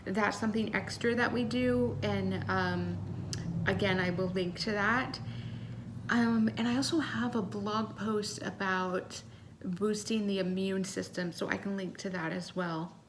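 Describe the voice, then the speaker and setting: A woman's voice: medium pitch, fairly even intonation, unhurried, noisy background. Chatty woman podcast co-host. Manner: chatty, many ums and self-corrections. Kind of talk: casual podcast chat.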